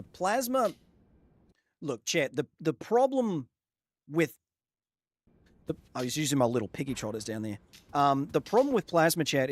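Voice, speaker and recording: A man streaming a video game live, yelping in surprise at enemies and explaining science at length to his chat. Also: medium pitch. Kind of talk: live gameplay commentary. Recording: loud game gunfire behind voice. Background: game gunfire and ambience.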